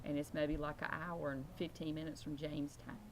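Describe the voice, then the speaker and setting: A young woman with an Eastern Shore Virginia accent, telling animated stories in a casual interview. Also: deep voice, fairly quick, background noise. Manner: animated, mimics voices in anecdotes. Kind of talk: casual storytelling.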